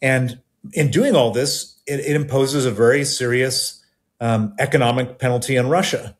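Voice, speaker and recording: A man giving a radio interview as a guest who talks in halting bursts with many restarts and repeated words. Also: medium pitch.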